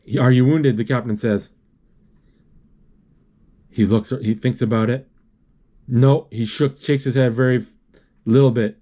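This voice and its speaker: This man walks through a film's scenes in a halting, off-the-cuff way, full of restarts and spoken sound effects. His voice is mellow and medium-pitched, with a steady tone.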